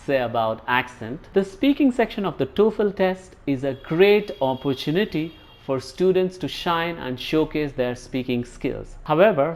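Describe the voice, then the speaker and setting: A man with an Indian English accent teaching a pronunciation lesson, explaining points and demonstrating sounds slowly. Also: mid-range voice. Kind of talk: scripted lesson narration.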